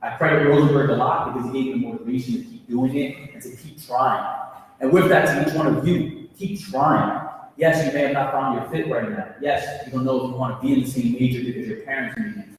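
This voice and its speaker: A man's voice: mid-range voice, steady tone, a little fast. Young man, twenties, alumni speaker to students, casual storytelling, distant mic in a reverberant hall. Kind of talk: motivational talk to students. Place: large echoey hall. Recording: echoey hall from far off.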